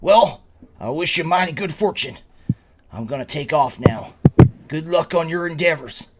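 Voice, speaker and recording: A man's voice: on the high side, lively intonation, normal speed, very noisy, pitched above the performer's own voice, natural voice. A man voicing a friendly, courteous country ranch hand with folksy speech. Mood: cordial.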